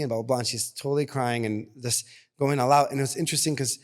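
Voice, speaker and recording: A man co-hosting a podcast, telling a personal story in an earnest, animated way. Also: mid-range voice, fast. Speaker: podcast co-host. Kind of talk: casual podcast conversation.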